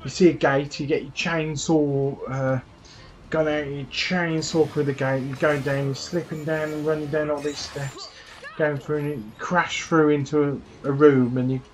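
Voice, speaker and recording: A man's voice: a little high, little pitch movement, normal speed. A man hosting a gaming channel, casually recapping a trailer in a chatty, rambling way full of fillers.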